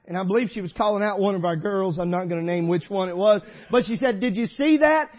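A man preaching a sermon, shifting from loud exhortation to quiet storytelling. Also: high-pitched, expressive, brisk, few pauses, lo-fi sound. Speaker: pastor.

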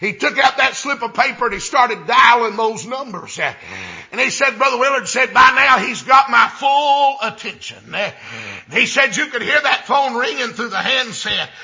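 Gravelly high-voiced preacher. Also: male voice, highs cut off. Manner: folksy, drawn-out, builds to shouted exclamations. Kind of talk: storytelling sermon.

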